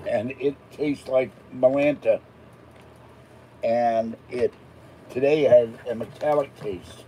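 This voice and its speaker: A man's voice: medium pitch, steady tone, slow, pauses often, warm tone, slight background noise, poor audio. An older man from Pittsburgh, chatting casually and rambling between topics as he unboxes an item. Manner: chatty, digressive, self-deprecating asides. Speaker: unboxing vlogger.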